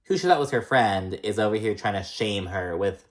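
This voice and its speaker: A man's voice: fairly low pitch, lively intonation, moderate pace. A man casually recapping a reality TV episode in a gossipy, profane way, with lots of fillers.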